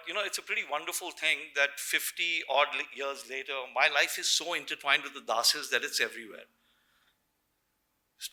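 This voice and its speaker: A middle-aged man delivers a personal tribute at a memorial gathering before an audience, sharing warm anecdotes and imitating the voices of people he remembers. His voice is mid-range, and the recording is rough.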